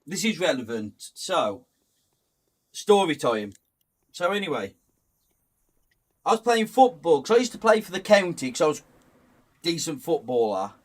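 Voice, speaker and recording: A man's voice: fairly high pitch, big pitch swings, moderate pace, pauses often, far from the mic. A young man, a guest on a game stream, telling a story in casual chat, rambling with restarts and laughing often.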